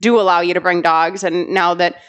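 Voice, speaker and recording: A woman co-hosting a casual podcast, telling animated stories and sounding exasperated about careless dog owners. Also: on the low side, fairly quick, clear, resonant tone. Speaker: podcast co-host, dog trainer.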